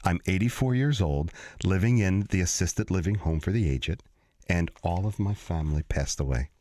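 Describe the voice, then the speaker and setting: A man with a deep, low voice co-hosts a radio show from a studio. His talk is chatty and joking, full of stumbles and restarts. The sound is dry and close. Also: normal speed, warm tone, no echo. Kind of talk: casual on-air banter.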